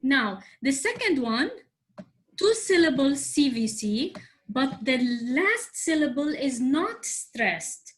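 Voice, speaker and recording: A woman teaching an online English grammar class, explaining slowly, spelling things out letter by letter and often checking that students follow. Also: sits high, big pitch swings, slight background noise. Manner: slow, spelled-out explanations with frequent check-ins. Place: at home on a video call. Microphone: video call.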